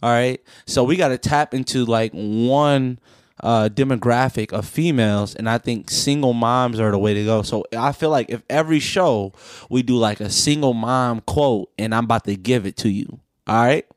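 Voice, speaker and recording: A man's voice: mid-range voice, moderate pace, smooth, no room sound. Profane joking man, dry close sound. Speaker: podcast co-host. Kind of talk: casual chat.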